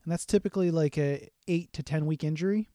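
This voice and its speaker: A man with a fairly high voice co-hosts a sports podcast, chatting in a relaxed, hesitant way. His speech is full of fillers. The recording is dry and close. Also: quick pace, no room sound. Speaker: podcast co-host. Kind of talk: casual sports talk.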